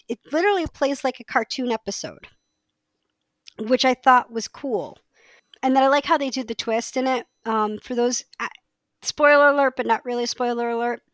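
Chatty woman podcast cohost, kinda high voice, dry close sound, gets excited and trips over words. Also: no room sound. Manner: chatty, enthusiastic, restarts often. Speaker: podcast co-host. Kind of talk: casual chat.

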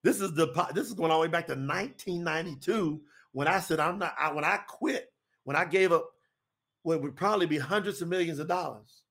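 A man, preaching to an audience in a folksy, animated, repetitive way. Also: on the high side, a little fast. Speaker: preacher and co-host.

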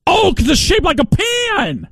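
A man playing a loud, brash sports-radio bro, trash-talking in a comedic sketch. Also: extremely high pitch, sing-song, unhurried, dry recording, full character voice. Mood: boisterous. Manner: boisterous, shouting, trash-talking.

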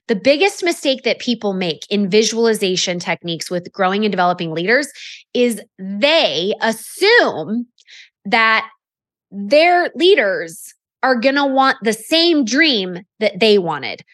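A woman's voice: mid-range voice, a bit bright, no echo, studio quality. A woman hosting a podcast, coaching listeners in a chatty, upbeat way with many casual fillers. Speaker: podcast host and network marketing coach. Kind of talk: solo podcast teaching.

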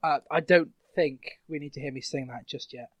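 A man's voice: on the high side, brisk, highs cut off. A young man hosting a podcast in casual chat, joking and laughing often. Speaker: podcast host.

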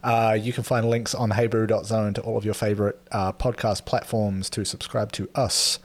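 A laid-back man with a fairly low voice runs through his podcast's plugs. His asides are dry and easygoing. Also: level tone, normal speed. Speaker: podcast co-host. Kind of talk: casual podcast banter.

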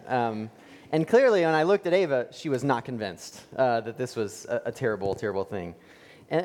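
A man's voice: a little high, darkish tone. A male pastor preaching a sermon in a conversational storytelling way, with fillers and rhetorical questions. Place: church sanctuary. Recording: long church reverb.

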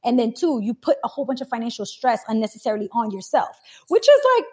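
Animated young woman hosting a chat. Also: a little high, fast talker, husky. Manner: animated, acts out inner voices. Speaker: podcast host. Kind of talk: casual chat.

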